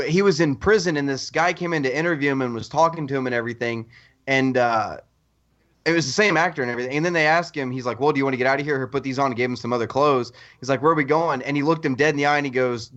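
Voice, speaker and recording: A man co-hosting a podcast, telling stories in an animated, excitable casual chat. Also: medium pitch. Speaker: podcast co-host. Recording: dull lo-fi audio.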